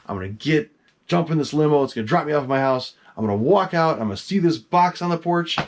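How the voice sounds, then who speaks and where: A middle-aged man, a collector, telling a long story about his masks in casual, excitable talk. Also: fairly high pitch, fast. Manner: animated, excitable, swears casually.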